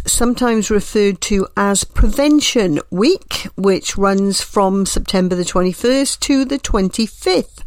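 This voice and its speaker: A woman with a slightly nasal voice, presenting a hospital radio show from home in a gentle, reassuring way. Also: fairly high pitch.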